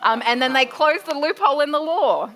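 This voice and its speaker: A woman author answering audience questions at a live book launch, laughing often as she tells stories with excitement. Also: sits high, brisk. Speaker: author and guest speaker. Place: library event room before a live audience.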